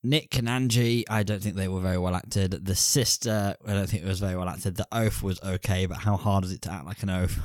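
A man's voice: sits low, fairly even intonation, a little fast, few pauses, no echo, clean studio sound. A man co-hosting a casual film review podcast, bantering crudely with rambling asides. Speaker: podcast co-host.

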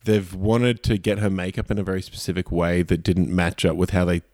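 A man jokes his way through a movie chat, rambling as he goes. His voice sits on the lower side. The sound is close and dry. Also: little pitch movement, fairly quick, darkish tone, dry recording. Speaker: podcast co-host. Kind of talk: casual movie review chat.

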